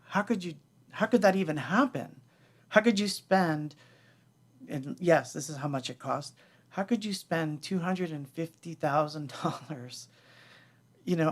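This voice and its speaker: A middle-aged man telling the story of his band in a casual livestream, candid and rambling, acting out what others said. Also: a little high. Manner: candid, rambling, acts out quoted voices.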